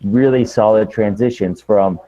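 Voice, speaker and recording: A man co-hosting a casual wrestling podcast over an internet call, talking like an excitable, easily distracted fan. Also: lowish voice, a little slow, dull audio. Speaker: podcast co-host.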